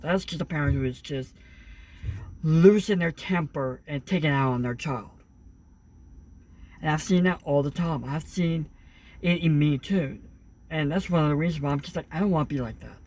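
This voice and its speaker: A man's voice: on the high side, moderate pace, a little mellow. A young man talking earnestly in a casual monologue, rambling with many fillers and restarts. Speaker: vlogger.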